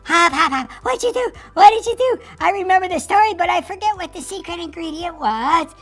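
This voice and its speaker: A woman doing a squeaky eager puppet girl. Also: lively intonation, fairly quick, soft background music. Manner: eager, pleading questions. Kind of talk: children's puppet show.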